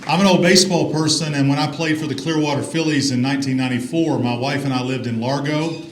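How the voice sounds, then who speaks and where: A man's voice: fairly high pitch, steady tone, fast talker, a little hiss or hum. A middle-aged man from Alabama, giving a folksy, upbeat ceremony speech as athletics director. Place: large reverberant banquet hall. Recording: roomy hall with faint ambience.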